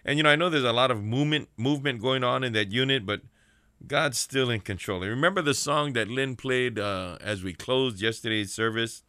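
A man hosting a prison ministry radio show, preaching fervently and calling for amens between shout-outs. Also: medium pitch, a little fast, clean tone, no room sound, clean studio sound.

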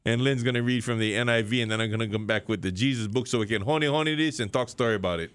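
A man's voice: mid-range voice, very fast, a bit bright, smooth, no room sound. Hawaiian Pidgin preacher man, dry sound. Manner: folksy preaching, rising to emphatic questions. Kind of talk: sermon.

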